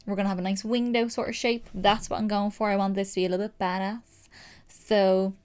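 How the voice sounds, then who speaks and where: A young woman with a Dublin accent, chatting excitedly through a casual makeup tutorial with lots of fillers. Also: medium pitch, fairly quick, smooth. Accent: Dublin Irish. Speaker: makeup creator.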